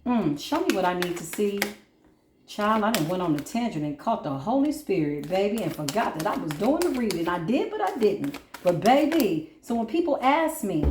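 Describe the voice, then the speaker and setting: A woman's voice: mid-range voice, big pitch swings, moderate pace, roomy sound, background noise. A woman giving a casual spiritual pep talk during a card reading, speaking emphatically and colloquially and calling listeners baby and boo. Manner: swings between preachy intensity and quiet asides. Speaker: spiritual reader.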